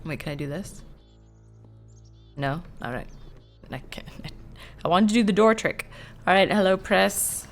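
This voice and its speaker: Woman, let's play commentary, gravelly, slow-paced, reads text aloud, lively reactions. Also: on the low side, soft background music. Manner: chatty, easily surprised, reads on-screen text aloud. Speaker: gameplay video host.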